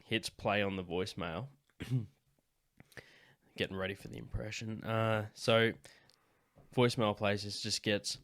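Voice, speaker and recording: A man with an Australian accent hosts a comedy podcast. He chats in a relaxed way and swears casually. His voice is on the low side. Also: unhurried. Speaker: podcast host. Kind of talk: casual chat.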